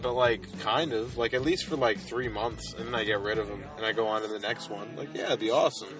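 A man's voice: fairly low pitch, brisk, music in the background. Rambling young man on a crude podcast. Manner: rambling, filler-heavy, laughing at own jokes. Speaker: podcast co-host. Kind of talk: crude comedic banter.

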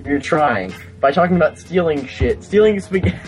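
A man's voice: moderate pace, faint music behind. A young man in casual chat, teasing his friend and swearing often. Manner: teasing, swears, animated pitch.

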